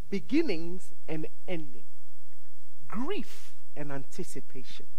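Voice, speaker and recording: A woman pastor from Africa preaching a sermon, with dramatic swings between loud declarations and hushed asides. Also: low voice. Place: church. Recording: reverberant church hall.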